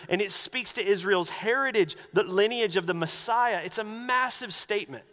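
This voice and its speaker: A man preaching a sermon as pastor, animated and acting out the voices he quotes. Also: sits high, normal speed, hardly any pauses, big-room sound.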